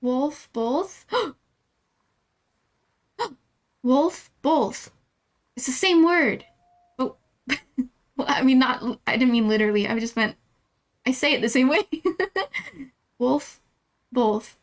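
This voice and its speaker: A woman's voice: high voice, slow pace, long pauses. A young woman livestreaming a game and chatting with viewers in a playful, giggly way, often flustered and laughing. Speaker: streamer. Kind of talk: casual live-stream chat with viewers.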